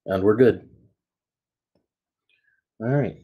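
A man's voice: on the low side, drawn-out words, slightly rough, phone-quality sound. A man teaching a math lesson, walking through each step patiently and checking in with "okay?" and "right?" as he goes. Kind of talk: classroom lesson walkthrough.

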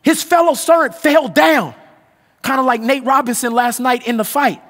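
A man preaching a sermon as pastor, swinging from loud outbursts to hushed low passages. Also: moderate pace, long reverb tail. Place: large church hall.

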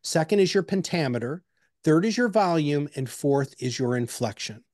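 A man presenting an instructional webinar, energetic and chatty, with personal anecdotes and emphatic repeated pleas. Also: fairly high pitch, normal speed, dry recording, clean studio sound.

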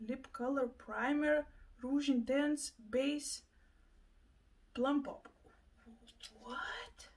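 A young woman vlogger chatting casually while unboxing gifts, excitable and full of gasping exclamations. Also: sits high, slow, pauses often. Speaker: plant and lifestyle vlogger.

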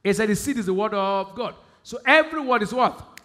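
A Nigerian-accented male pastor preaches with a high, animated, brisk voice. He asks the congregation questions and repeats key phrases, shifting between loud emphasis and quiet speech.

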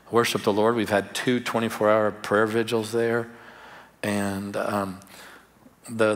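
A male pastor telling personal stories in a conversational sermon, laughing at times. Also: fairly low pitch. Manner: conversational, warm storytelling with laughs. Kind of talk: sermon storytelling. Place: church service.

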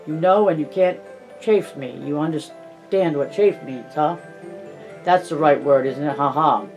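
Over soft background music, a man with a slightly high, darkish voice reads an audiobook a little slowly. He voices a pompous male alderman who smugly talks down to the poor, chuckling in a self-satisfied, patronizing way.

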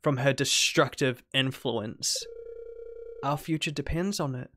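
A woman with a light New Zealand accent voicing an obsessive, possessive young village woman, reading game dialogue in a soft, low, dramatic way. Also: a little slow, slight background noise. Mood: ominous devotion.

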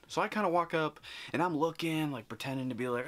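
A man vlogging, telling a story in an animated, chatty way and acting out the people in it. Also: on the high side, fast talker, few pauses. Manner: animated, chatty, acts out quotes. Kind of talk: casual storytelling.

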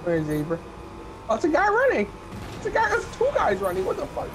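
Excitable, teasing young gamer guy. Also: very high voice, a little fast, noisy background. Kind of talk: casual gaming chat.

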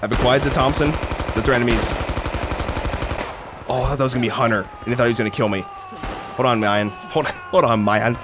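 A young man doing casual, excitable gameplay commentary, rambling, swearing and laughing between remarks. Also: mid-range voice, fairly quick, pauses often. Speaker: gaming commentator. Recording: noisy with game gunfire behind. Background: gunfire and artillery from the game.

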